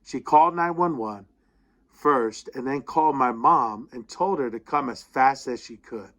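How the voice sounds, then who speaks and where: A man reading a student's personal essay aloud, with expressive storytelling that slows down at the tense moments. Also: medium pitch.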